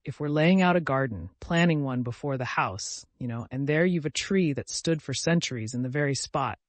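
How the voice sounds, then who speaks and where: A man's voice: mid-range voice, animated, moderate pace, no room sound, lightly acted. A man voicing an older country landowner with grey whiskers, genial and reflective, in a storybook reading.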